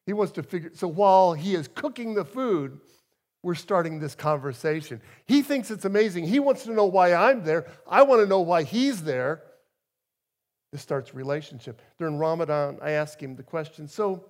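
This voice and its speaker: High-voiced male preacher telling stories. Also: animated, moderate pace. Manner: storytelling, emphatic swings in loudness. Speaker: guest preacher. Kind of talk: sermon.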